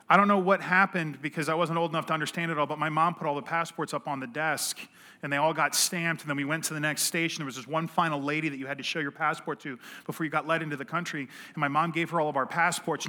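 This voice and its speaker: A man's voice: a little high, pushed and bright. A man in his thirties, a pastor telling a personal story to his congregation in a joking, self-deprecating, conversational way. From United States, partly raised in Australia. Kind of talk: sermon with humorous personal storytelling. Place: church, in front of a congregation.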